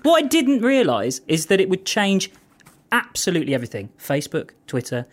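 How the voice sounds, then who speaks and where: A man chatting eagerly on a podcast as the regular trends contributor, excitable and quick to laugh. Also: high-pitched. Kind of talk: casual comedic chat.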